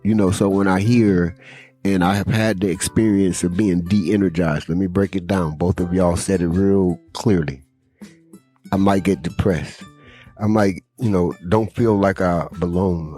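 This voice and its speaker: A man hosting a campus podcast, talking in a relaxed, emphatic, sermon-like way. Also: deep voice. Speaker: podcast host. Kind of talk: casual podcast talk.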